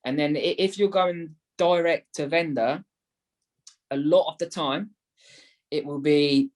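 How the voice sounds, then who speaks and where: A man's voice: fairly high pitch, unhurried, pauses often. A man, a property investment guest in a casual podcast talk, who keeps acting out both sides of phone calls. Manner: animated, acts out phone calls.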